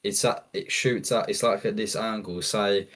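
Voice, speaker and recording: A man with a fairly low voice explains his cleaning equipment, often restarting his sentences. He talks in an easygoing, casual way as a guest. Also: steady tone, normal speed, fairly bright tone. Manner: explains with many restarts, says "yeah" a lot. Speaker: guest, property cleaning business owner. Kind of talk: casual chat.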